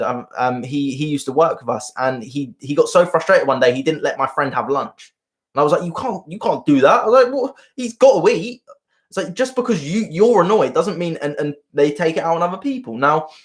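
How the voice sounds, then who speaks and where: A man coaching viewers on a live stream, earnest and rambling, often repeating himself. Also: medium pitch. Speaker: self-help coach.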